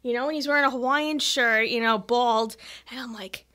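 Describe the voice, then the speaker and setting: A woman, a musician guest on a podcast, chatting casually and telling an animated story with acted-out quotes and frequent laughs. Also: a little high, normal speed. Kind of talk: casual chat.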